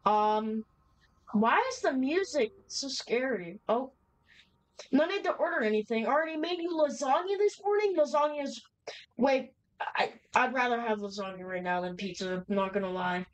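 A woman's voice: fairly high pitch, animated, moderate pace, low-quality recording. A young woman casually commenting as she plays a horror game, chatty and nervous, reacting aloud with slang. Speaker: gamer playing a horror game. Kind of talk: casual let's-play commentary.

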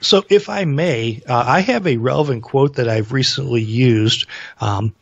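A man co-hosting a political talk show in a husky, mid-pitched voice, talking earnestly and reading quotes aloud. His audio is dry and slightly muffled. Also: measured pace, no room sound. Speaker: co-host. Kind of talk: casual political chat.

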